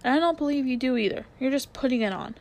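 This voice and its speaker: A woman voicing an indignant, quick-tempered young girl in a storybook reading, with sharp, cross retorts. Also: high voice.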